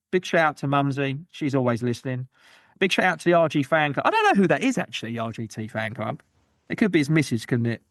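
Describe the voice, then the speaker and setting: A man hosting a gaming podcast on his own, rambling through shout-outs and jokey, self-mocking asides. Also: a little high, no echo, studio quality. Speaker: podcast host. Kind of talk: solo gaming podcast chat.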